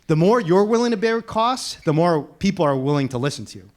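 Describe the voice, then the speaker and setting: A man speaking on a panel as an animal rights activist, animated and laughing as he tells stories. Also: high voice. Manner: animated, fast, laughing storyteller. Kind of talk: casual panel talk.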